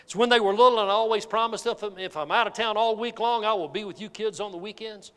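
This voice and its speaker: A man giving a keynote sales speech, telling a folksy, animated story to a live audience. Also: high voice, fast talker, clear, resonant tone. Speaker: motivational sales speaker. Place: large hall with an audience. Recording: reverberant hall.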